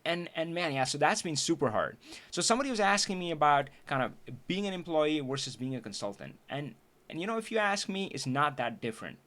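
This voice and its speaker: A man hosting a casual livestream for viewers, talking earnestly and reflectively, often restarting and laughing, his voice going hoarse. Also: fairly high pitch, very animated, brisk, a bit bright. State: losing his voice. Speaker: livestream trainer and host. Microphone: streaming setup.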